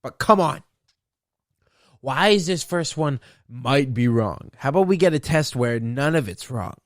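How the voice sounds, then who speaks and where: A young man rants on his solo podcast, swearing freely and wandering from point to point with a boastful edge. His pitch jumps around animatedly. The recording is dry and close. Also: animated, unhurried, no echo. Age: young adult. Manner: profane, rambling, boastful. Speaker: podcast host. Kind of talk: rambling solo podcast rant.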